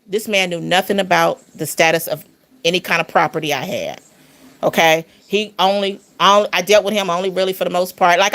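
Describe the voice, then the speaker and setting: Woman w a bit of vocal fry just rambling thru a story, AAVE, gets animated on the big parts. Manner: animated, rambling, rising pitch on emphasis. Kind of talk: casual storytelling.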